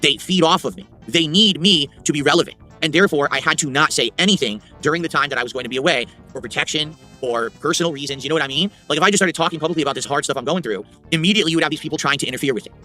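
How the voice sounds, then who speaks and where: A man rattles along at a very quick clip in a bright, forceful voice, pitched a little high. He addresses his stream chat in a rambling, taunting way, sinking into low mutters. Faint music plays behind him. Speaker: livestreamer.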